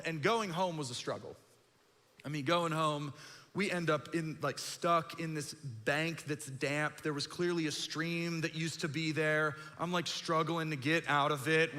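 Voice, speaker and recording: A man preaching a sermon, telling a self-deprecating story in an animated, joking way. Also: sits high. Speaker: pastor. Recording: long hall reverb.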